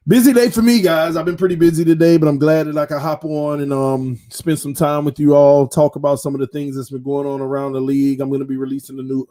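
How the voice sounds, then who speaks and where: A medium-pitched, mellow-voiced man hosts his own football fan channel, talking casually and animatedly and repeating phrases for emphasis.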